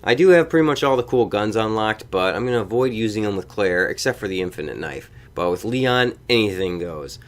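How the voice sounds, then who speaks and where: A man's voice: lowish voice, brisk, few pauses. A man giving a comedic, profane game review voice-over. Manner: profane, animated.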